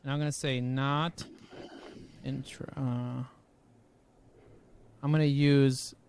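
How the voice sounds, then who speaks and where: A man talking as a podcast guest over a video call, high-energy and jokey, full of rhyming catchphrases. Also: little pitch movement, slow pace, creaky, darkish tone, slight background noise. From United States.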